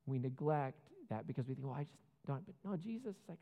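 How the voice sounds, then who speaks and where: The audio is muffled and drenched in long hall reverb as a pastor delivers his sermon. His gravelly, medium-pitched voice is brisk and animated, earnest yet conversational, full of offhand asides and rhetorical questions to the congregation.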